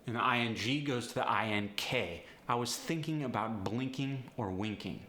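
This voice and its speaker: A man's voice: mid-range voice, moderate pace, few pauses, fairly bright tone. A man teaching actors an accent step by step, explaining each sound swap in an instructive way. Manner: instructive, breaks down sound swaps. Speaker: accent coach. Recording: echoey room with faint noise.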